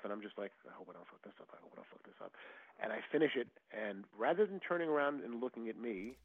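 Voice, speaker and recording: A man's voice: medium pitch, no room sound. An older man, a guest musician, telling stories in a casual interview, acting out quoted lines with many restarts. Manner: animated storyteller, acts out quotes, frequent restarts. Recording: dull lo-fi audio.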